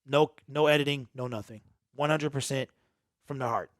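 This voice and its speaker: A man who hosts his own sports channel addresses viewers in an emotional, earnest, emphatic and repetitive monologue, raw and unedited. His medium-pitched voice holds fairly even intonation at a moderate pace, in a dry recording with clean studio sound.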